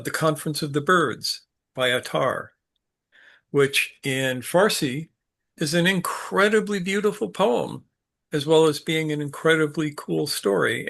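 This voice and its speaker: A man giving an unscripted teaching talk, halting and full of fillers, with a dry sense of humor. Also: a little high, creaky, a bit bright. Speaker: speaker leading a study group talk.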